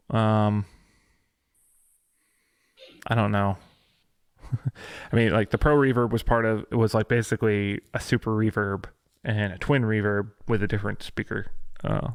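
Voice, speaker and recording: A man's voice: fairly low pitch, flat delivery, normal speed, creaky, long pauses, smooth, dry recording, studio quality. A man co-hosting a podcast, chatting casually about gear news with lots of fillers and restarts. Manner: hesitant, many fillers and restarts. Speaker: podcast co-host.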